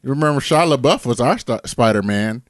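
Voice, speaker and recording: A man's voice: medium pitch, expressive, a little fast, no room sound, studio quality. A young man, co-hosting a casual podcast chat, laid-back and explaining things with plenty of fillers. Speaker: podcast co-host.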